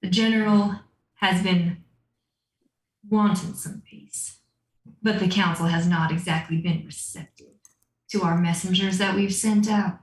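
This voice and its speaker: A man's voice: high voice, steady tone, measured pace, long pauses, roomy sound, poor audio. A woman voicing a guarded male bandit second-in-command in a put-on Southern drawl, firmly setting terms. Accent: attempted Southern US. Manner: firm, bargaining, gives orders.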